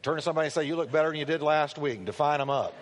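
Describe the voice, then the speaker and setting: A male pastor preaching a sermon, telling the story with animated delivery and acting out the quotes. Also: on the high side, very fast, a little hiss or hum. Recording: long hall reverb.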